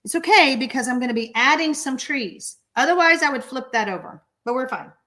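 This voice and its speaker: A woman with a Texan accent teaching a live card-making tutorial, chatty and excitable, reading out viewer comments as she stamps. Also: high-pitched, a little fast.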